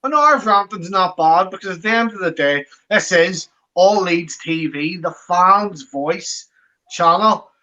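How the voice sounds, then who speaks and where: A man's voice: sits high, measured pace, pushed and bright, dull audio. A man co-hosting a fan podcast, who talks in a heated way and repeats himself for emphasis. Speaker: co-host of a fan channel. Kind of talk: post-match fan podcast.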